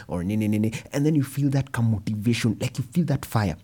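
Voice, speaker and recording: A young man with a Kenyan accent giving a personal storytelling talk, animated and slipping Swahili phrases into his English. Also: medium pitch, fast talker, few pauses, husky. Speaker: speaker.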